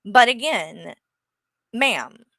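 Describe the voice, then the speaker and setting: Woman host, blunt sarcastic rant, crisp bright tone, dead-dry sound. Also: fairly high pitch, animated, extremely slow, dry recording. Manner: blunt, sarcastic, swears freely. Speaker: streamer host. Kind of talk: casual rant to viewers.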